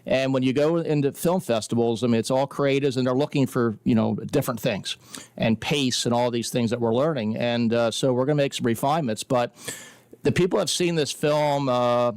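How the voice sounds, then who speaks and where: An earnest male radio guest with a smooth, resonant voice, recorded dry and close. He talks at length and fills pauses with "uh" and "I mean". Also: medium pitch, darkish tone, no echo. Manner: earnest, talkative, many fillers. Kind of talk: radio interview.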